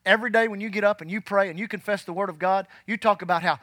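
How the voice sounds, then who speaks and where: A man preaching a sermon in church, fervent and rising to shouts, dropping low and quiet when telling his past. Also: fairly even intonation, racing, no echo.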